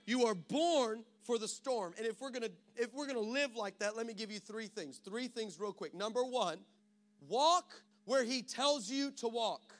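A man's voice: high voice, normal speed, few pauses. A male pastor preaching a sermon in an emphatic, punchy way.

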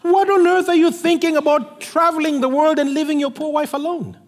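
A man's voice: very high-pitched, a little fast, in a large hall. A man preaching a sermon, telling stories with acted-out dialogue. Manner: animated storytelling, acts out dialogue.

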